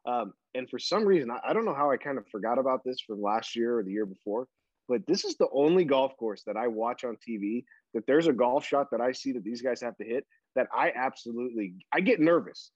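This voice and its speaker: Male podcast co-host, measured casual talk, dry and slightly dull recording. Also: medium pitch, lively intonation, dry recording. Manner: measured, reasoning out his opinion. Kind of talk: casual chat.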